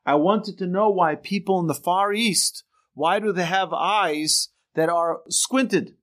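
A man voicing a brash, pushy man who shouts to provoke a sage. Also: sits high, takes it slowly, pitched above the performer's own voice.

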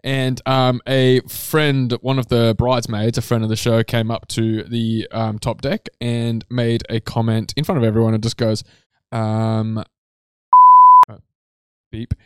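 A man from Australia co-hosting a podcast, telling stories and teasing in relaxed, casual chat. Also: mid-range voice, a little slow, clear, resonant tone, no room sound, clean studio sound. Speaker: podcast co-host.

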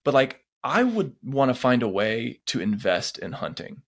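Man, mid-pitched, lively storyteller who acts out quotes, casual podcast co-host. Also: normal speed, husky.

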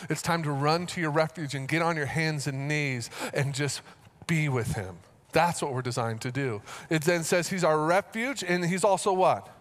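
A male pastor preaching a sermon in an earnest way, repeating phrases as he goes and rising into animated storytelling. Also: a little high, normal speed.

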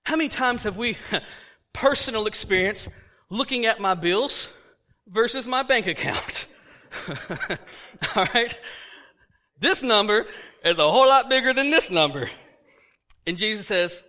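Man, pastor, sermon, animated storyteller, quiet low asides, high voice. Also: unhurried, long pauses. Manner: animated, acts out dialogue, laughs often.

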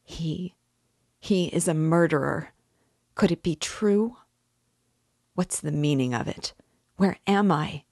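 A woman's voice: low voice, fairly even intonation, slow pace, a little mellow, slightly rough, no room sound, studio quality, heavily acted. A woman reading aloud and voicing a desperate, tender young woman who pleads and cries out. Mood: anguished pleading. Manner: pleading, tearful, rising to cries.

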